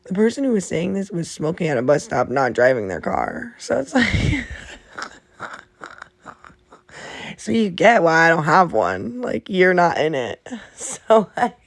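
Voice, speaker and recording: A woman hosting her own podcast, telling stories in a rambling, animated way with frequent swearing, talking from under a blanket. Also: fairly low pitch, slow pace, creaky, long pauses, no room sound. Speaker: podcast host. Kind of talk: casual storytelling.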